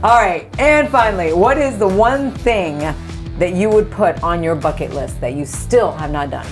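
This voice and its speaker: A woman hosting an interview, asking quick questions, reacting often and laughing readily. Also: fairly low pitch, animated, music in the background. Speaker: podcast host. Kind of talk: casual interview chat.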